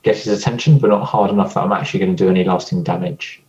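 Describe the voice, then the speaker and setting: A man playing a tabletop game, describing his character's actions in a halting way that repeats words. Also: deep voice, fairly even intonation, gravelly, a little mellow. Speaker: player. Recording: dull lo-fi recording.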